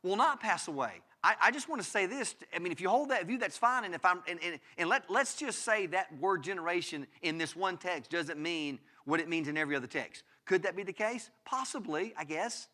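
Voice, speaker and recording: A man preaches from a church pulpit, his fairly high voice bright and forceful. He talks emphatically, doubling back on his words and tossing rhetorical questions to his listeners. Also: lively intonation, a little fast, few pauses. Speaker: pastor. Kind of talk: sermon.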